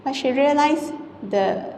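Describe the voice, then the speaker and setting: Gentle woman in an echoey hall. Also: high-pitched, slow pace, a little hiss or hum. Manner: conversational and gentle, frequent "you know" and "ah" tags. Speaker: Buddhist nun giving a dhamma talk. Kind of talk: informal dhamma talk to a congregation. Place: temple hall. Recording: echoey hall with long reverb, faint ambience.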